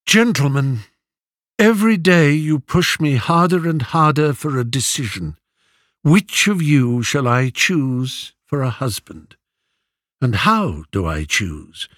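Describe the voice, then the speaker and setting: A man's voice: a little high, a bit bright, no room sound, clean studio sound, pitched above the performer's own voice. A man voicing a dignified, scornful queen in a storybook, speaking formally. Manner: stately, scornful.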